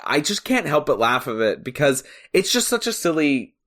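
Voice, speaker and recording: Podcast co-host, casual chat, joking, incredulous, lively pitch. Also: moderate pace. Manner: animated, joking, incredulous storytelling.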